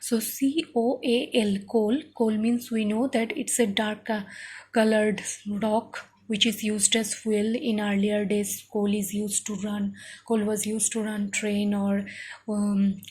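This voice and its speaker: A woman's voice: mid-range voice, a little mellow, husky. A woman teacher giving a phonics lesson, spelling words out letter by letter and often checking in with "okay?".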